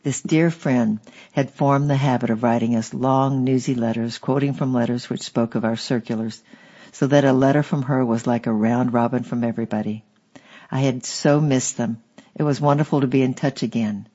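A man reading a memoir aloud as an audiobook narrator, steady and measured. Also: medium pitch, muffled recording.

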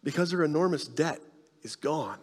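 A male pastor preaching a sermon, telling stories with animated energy and dropping to hushed tones to make his point. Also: a little high, moderate pace, in a large hall. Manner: animated storytelling, drops to soft hushed tones for emphasis.

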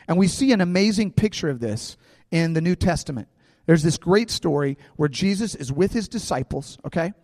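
A man preaching a sermon to his congregation, telling stories with lively asides and quick character voices. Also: fairly high pitch, no echo, studio quality, in a large hall. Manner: animated storytelling, acting out characters. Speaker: pastor.

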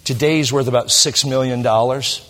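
A man's voice: mid-range voice, steady tone, moderate pace, fairly bright tone, long reverb tail. A man preaching a sermon in a church, telling stories conversationally with jokes and restarts. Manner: conversational, jokey, with many restarts. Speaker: pastor. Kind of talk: sermon with storytelling. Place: church sanctuary.

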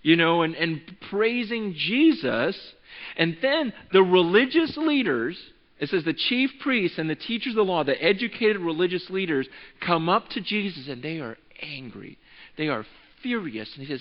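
A young adult man preaching a conversational, animated sermon to his congregation, stumbling and restarting as he goes. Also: a little high, unhurried. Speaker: pastor. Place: church sanctuary. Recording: dull sound with long hall reverb.

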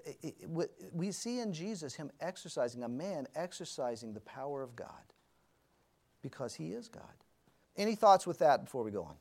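A man leads an adult Bible class in a relaxed, conversational way, putting questions to the group and stopping to fix his own slips. His speaking voice sits a little high for a man. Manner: conversational, asks the class questions, corrects himself mid-sentence. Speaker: Sunday school teacher.

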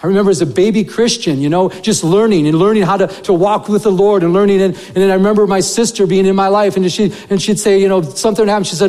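A male pastor with a high-pitched voice delivers a conversational sermon. His talk is earnest and loose, full of fillers and restarts. The sound carries a long reverb, as in a large hall. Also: fast, few pauses, darkish tone. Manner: earnest, conversational preaching with many fillers and repeated words.

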